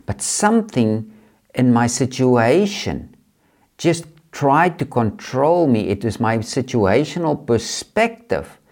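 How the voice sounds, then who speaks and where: Guy on a podcast, earnest motivational storytelling, mid pitch, keeps repeating for emphasis. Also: big pitch swings, slow, darkish tone. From South Africa. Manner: earnest, repetitive, builds emphasis. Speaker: podcast host.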